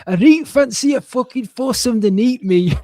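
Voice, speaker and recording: Man doing a leering, foul-mouthed Geordie cartoon lout: shrill, loud, Geordie accent. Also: expressive, normal speed, dry recording, studio quality. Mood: lewd. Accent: Geordie put-on. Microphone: video call.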